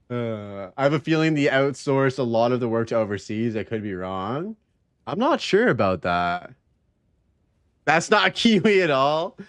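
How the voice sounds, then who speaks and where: A man's voice: mid-range voice, dry recording. A man streaming a game, casually chatting with his viewers in a laid-back, rambling way. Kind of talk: casual gaming stream chat.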